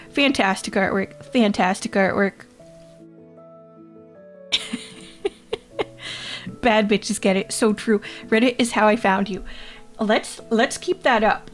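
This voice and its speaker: A woman streaming casually, reading chat aloud, joking crudely and laughing often, often repeating her own phrases. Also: on the high side. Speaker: VTuber streamer.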